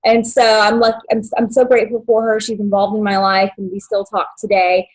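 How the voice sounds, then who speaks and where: Husky woman sharing a hard story. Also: medium pitch, little pitch movement, poor audio. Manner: halting, many fillers and restarts, emotional. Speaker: guest. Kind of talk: personal story in podcast interview.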